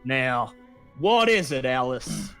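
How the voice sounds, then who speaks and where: A man's voice: mid-range voice, sing-song, slow, vocal fry, fairly bright tone, soft background music, full character voice. A man doing a drawling, condescending newspaper boss. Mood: gruff. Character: gruff overweight middle-aged male newspaper boss.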